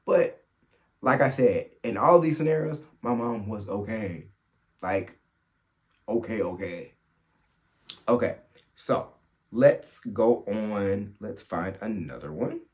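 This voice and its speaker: A man hosting a solo podcast, telling funny family stories in a casual, animated way and laughing as he goes. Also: on the low side. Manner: animated, laughs through his stories, quick asides. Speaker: podcast host. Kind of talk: solo storytelling chat.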